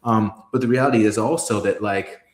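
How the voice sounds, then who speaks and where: A low-voiced man speaking in a candid interview, recorded in a room with noticeable echo. He tells stories emphatically, swears for effect and stumbles into restarts as he builds his point. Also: a little fast. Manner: emphatic, profane, storytelling with many restarts. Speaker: guest, creative executive.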